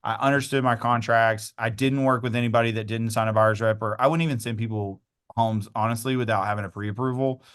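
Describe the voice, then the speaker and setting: A man's voice: medium pitch, fairly quick, clear, resonant tone. A young man, a real estate agent telling a story in an interview, acting out the dialogue and laughing now and then. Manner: animated storyteller, acts out quoted dialogue, laughs often. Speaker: real estate agent and coach, podcast guest.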